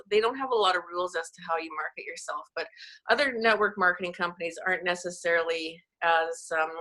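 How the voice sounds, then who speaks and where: Her voice sits fairly low and has a sharp edge. A Canadian who coaches network marketing, she chats casually on a video call and tells stories laughing at herself.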